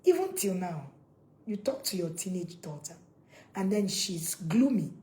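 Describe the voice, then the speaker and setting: Animated woman lecturing parents. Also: lowish voice, unhurried, poor audio. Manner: preachy, asks viewers questions, repeats points, bursts into loud acted scolding. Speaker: parenting coach. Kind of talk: direct-to-camera parenting talk.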